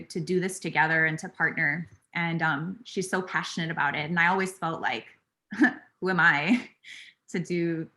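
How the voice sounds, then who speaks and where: A woman's voice: lowish voice, pushed and bright. A woman hosting an online CPR class, speaking in a heartfelt, conversational way over a video call. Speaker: CPR teacher, class host.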